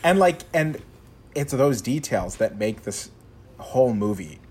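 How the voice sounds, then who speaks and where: A man hosting a casual film chat, animated, laughing often and acting out quotes. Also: mid-range voice, measured pace, a little hiss or hum.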